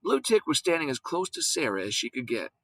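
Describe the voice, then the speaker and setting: A man reading a children's story aloud in an expressive, lively storytelling manner. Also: a little high, brisk, no echo, rough recording. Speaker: audiobook reader. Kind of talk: storybook read-aloud narration.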